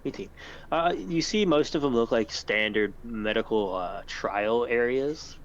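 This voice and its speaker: A man's voice: medium pitch, a little slow, lo-fi sound. A man narrating a tabletop game as game master, describing scenes in a loose, rambling way with many fillers.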